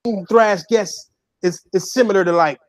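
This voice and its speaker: A man chatting casually on a gaming podcast, loud and profane, laughing often and slipping into playful impressions. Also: high-pitched, moderate pace. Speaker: YouTube gamer co-host.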